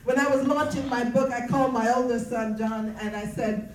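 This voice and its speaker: A woman's voice: fairly high pitch, steady tone, moderate pace. Earnest woman preaching her testimony, roomy. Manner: earnest, preaching cadence with repeated phrases. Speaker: speaker sharing personal testimony. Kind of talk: faith-based testimony talk. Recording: roomy, distant mic.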